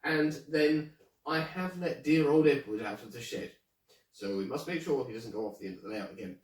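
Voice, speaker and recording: A man's voice: mid-range voice, normal speed, echoey room, recorded from a distance, low-quality recording. A man presenting his model railway in a casual show-and-tell, chatty and hesitant, with many ums. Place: indoor room with a model railway layout.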